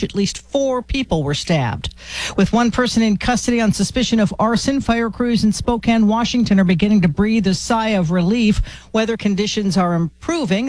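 Crisp woman reading radio news. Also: medium pitch, dry recording, rough recording. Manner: brisk, even newsreader delivery. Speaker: news anchor. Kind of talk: scripted radio newscast.

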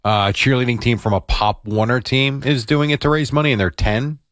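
A man's voice: mid-range voice, moderate pace, fairly bright tone, dry recording, clean studio sound. A man co-hosting a radio show, teasing his partner and pushing back skeptically in casual banter. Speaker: radio co-host. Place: radio studio.

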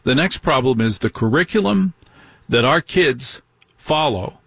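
A man's voice: mid-range voice, animated, a little slow, fairly bright tone, husky, dry recording. A middle-aged man hosting a talk radio show, delivering an indignant monologue full of rhetorical questions.

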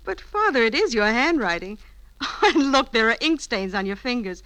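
A bright, doting daughter. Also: female voice, fairly high pitch, sing-song, moderate pace, dry recording, rough recording. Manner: bright, solicitous. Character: affectionate grown daughter, lively and caring. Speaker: actor. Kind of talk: 1940s radio acting.

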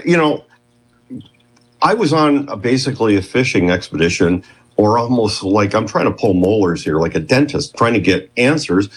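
A husky man in his fifties sits as a guest, spinning a rambling story. His lowish voice keeps breaking off and restarting as he piles on detail. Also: low-quality recording. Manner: rambling, self-interrupting, animated storyteller. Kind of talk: casual interview storytelling.

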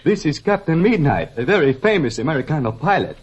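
Emotional father, slightly high voice, lo-fi vintage radio sound. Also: big pitch swings, fairly quick, breathy edge. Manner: warm and emotional, mixing in Spanish words. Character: emotional older Mexican father, Spanish-accented. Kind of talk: 1940s radio drama acting.

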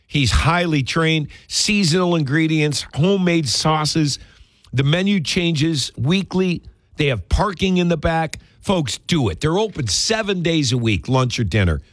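A man's voice: a little high, lively intonation, unhurried, a bit bright, no room sound, studio quality. A man hosting a radio talk show, doing folksy, emphatic live-read ads and chatting about football.

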